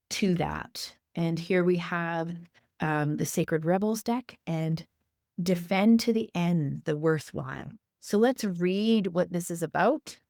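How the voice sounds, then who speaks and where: Woman tarot podcast host, lowish voice, dry close sound, reassuring repetitive phrasing. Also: a little mellow, no room sound. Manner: repeats encouraging affirmations. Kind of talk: tarot forecast talk.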